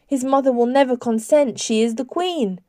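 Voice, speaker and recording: Storybook nurse, young woman, desperate and pleading, voice pitched up and pushed, mellow tone, dry close recording, read by a woman. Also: normal speed, no room sound, natural voice. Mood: anxious. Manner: pleading, urgent, raised voice. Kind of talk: audiobook character voice.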